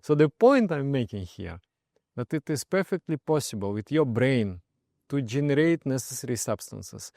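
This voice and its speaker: Male meditation teacher, gentle storyteller, medium pitch, dry recording. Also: big pitch swings, moderate pace, creaky, no room sound. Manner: soft-spoken, often trails off quietly, laughs while telling stories. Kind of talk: personal story and spiritual advice.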